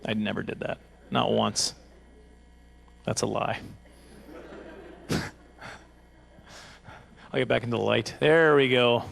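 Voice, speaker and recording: Gravelly man doing stand-up. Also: medium pitch, takes it slowly, pauses often, a bit bright. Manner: rambling, self-mocking, jumps into silly character voices. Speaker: stand-up comedian. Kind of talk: stand-up comedy set. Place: banquet hall stage.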